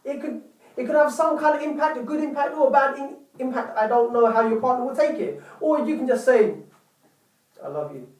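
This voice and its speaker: A man with a very high, slightly mellow voice speaks fairly quickly to camera, giving earnest, repetitive relationship advice and often calling viewers "people." He's recorded off-mic from a distance in an echoey room.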